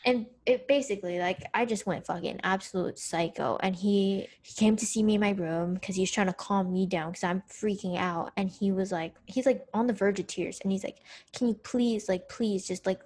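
A young woman on a podcast recounts a personal story in casual chat. Her telling is candid and animated, with plenty of swearing and a mid-range voice. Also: mid-range voice, brisk, few pauses. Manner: candid, profane, animated retelling. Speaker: podcast co-host.

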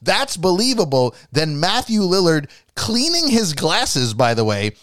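A man with a fairly high, lively voice rants on a podcast, swearing freely and dropping into hushed voices to act out lines. He is recorded dry and close, with no room sound. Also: a little slow, no echo. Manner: animated ranting, swearing, acting out lines in a hushed voice. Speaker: podcast panelist. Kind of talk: casual chat.

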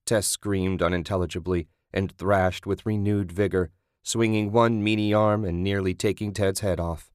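Low-voiced man narrating horror. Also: steady tone, moderate pace, clear, resonant tone, dry recording, clean studio sound. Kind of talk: scripted horror audiobook narration.

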